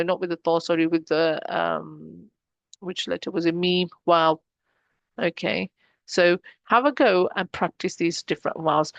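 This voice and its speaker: A woman teaching a pronunciation lesson, slowly drilling syllables and explaining patiently. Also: on the low side, no echo, muffled recording. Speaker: Arabic teacher.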